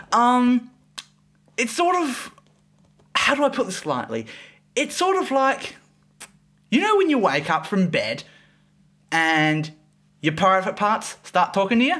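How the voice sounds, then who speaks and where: A young man with a high voice that leaps all over the place hosts a casual review video. He rambles, swears freely and keeps dissolving into giggles. His tone is bright. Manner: giggly, keeps breaking into laughter. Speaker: fanfic review host.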